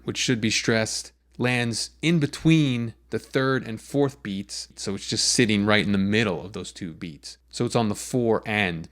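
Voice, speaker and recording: Low-voiced man teaching songwriting. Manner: patient, methodical, walks through examples step by step. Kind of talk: explanatory lesson.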